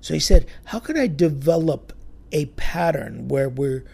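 Man, church storyteller, sermon, gravelly, husky, animated. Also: on the high side, unhurried. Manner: animated storyteller, acts out quotes. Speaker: church speaker telling a story.

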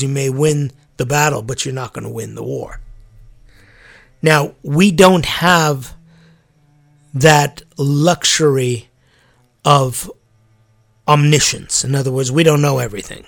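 A man, a church clergyman, giving a reflective sermon-like talk, musing aloud with animated emphasis and laughing at his own slips. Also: medium pitch, takes it slowly, gravelly, long pauses.

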